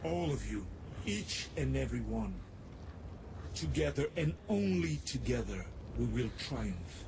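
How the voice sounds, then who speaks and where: An actor playing a solemn commanding leader who rallies his troops in a game, with a gravelly voice. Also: mid-range voice, very animated, unhurried, noisy background, heavily acted. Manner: solemn, rallying.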